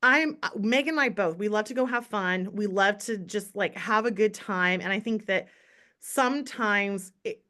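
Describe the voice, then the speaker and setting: A woman's voice: medium pitch, moderate pace, fairly bright tone. Chatty motivational woman telling her story. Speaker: direct sales team leader. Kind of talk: casual chat on a team call.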